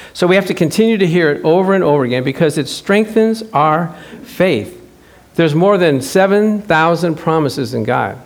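A high-pitched man preaches with lively energy, firing rhetorical questions at his listeners. He slips into quick acted-out exchanges to drive his points home. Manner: animated, acts out dialogue, rhetorical questions to congregation. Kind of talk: sermon.

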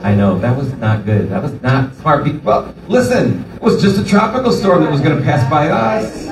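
A man's voice: fairly high pitch, sing-song, normal speed, slight background noise. A male pastor giving a sermon, telling the story animatedly and putting on voices for the people in it. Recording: echoey room from far off.

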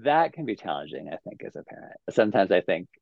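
A man in his forties chats as a podcast guest, thinking aloud and softening his points. His voice sits low with a gravelly edge. It is close and dry on a slightly muffled recording. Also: big pitch swings, fast, dry recording. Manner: thoughtful, hedging with frequent "I think". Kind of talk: casual interview chat.

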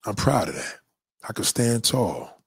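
A man streaming a casual, profane monologue, preachy and animated as he lectures his viewers. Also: lowish voice, measured pace, vocal fry, husky, no echo, studio quality. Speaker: live streamer.

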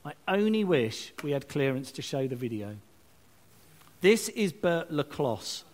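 Guy preaching, fairly high voice, chatty and jokey. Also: measured pace. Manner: lively, chatty and self-mocking, with asides and restarts. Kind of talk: sermon. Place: church service, streamed online.

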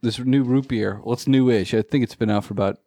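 A man talks loosely through a casual podcast chat, trailing off into fillers and laughs. His voice sits at an ordinary middle pitch. The sound is dry and close, with no room around it. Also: fairly even intonation, fast, mellow, dry recording. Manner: rambling, laughs often.

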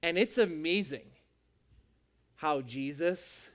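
A man's voice: on the high side, takes it slowly, a bit bright. A man preaching a sermon as a pastor, with an emphatic, repetitive cadence.

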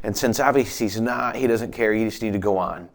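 Preacher doing Satan, low murmuring tempter, cynical and coaxing. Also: male voice, fairly quick, lightly acted.

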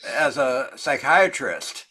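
A man leads a group discussion over a video call, talking casually and rambling with plenty of fillers. His voice sits at a middle pitch, and his tone is easygoing. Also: very animated, slow pace, pushed and bright, slight background noise. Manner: chatty, rambling, lots of fillers.

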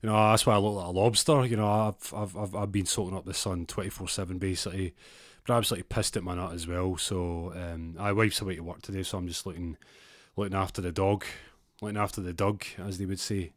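A man's voice: deep voice, steady tone, fast, no room sound, clean studio sound, close to an everyday voice. A Scottish man doing a cheeky, hungover shop regular. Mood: boisterous. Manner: crude, jokey, pleading.

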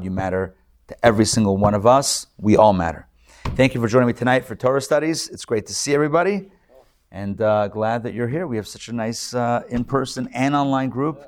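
A man, a rabbi, giving a live class lecture to an in-person and online group in a conversational way, with jokes and asides to his listeners. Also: lowish voice. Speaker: rabbi teaching a weekly class.

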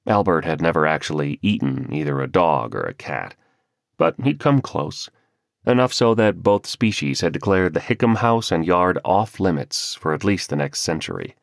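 Deep-voiced male audiobook narrator. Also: big pitch swings, moderate pace, vocal fry, no room sound, clean studio sound. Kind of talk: scripted narration.

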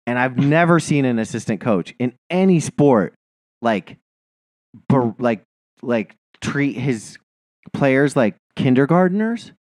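A man's voice: mid-range voice, animated, takes it slowly, darkish tone, no echo, clean studio sound. Heated, profane male podcast host. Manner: heated, profane ranting about sports; rambling with many fillers. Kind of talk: casual chat.

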